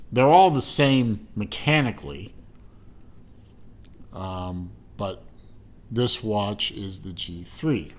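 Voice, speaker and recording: A man's voice: on the low side, a little mellow. A middle-aged man giving a casual watch unboxing review, rambling with fillers and self-corrections and dropping dry, self-mocking asides.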